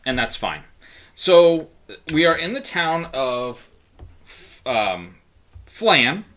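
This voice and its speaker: A man running a tabletop game, narrating the scene and chatting between moves. His pitch swings widely and his tone is bright, broken up by fillers and laughter. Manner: laughs often, lots of fillers. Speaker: game master.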